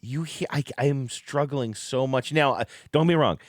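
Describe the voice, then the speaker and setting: A man co-hosting a talk show, chatting casually in a playful, animated way and laughing often. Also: mid-range voice, normal speed, slight background noise. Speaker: co-host. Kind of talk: casual chat.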